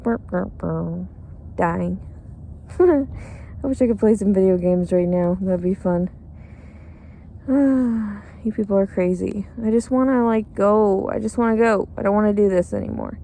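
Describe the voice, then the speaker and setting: A woman's voice: medium pitch, expressive, unhurried, dark tone, slight background noise. A tired, cranky woman rambling in a bitter, crude, profane monologue outdoors. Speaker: pregnant homeless woman.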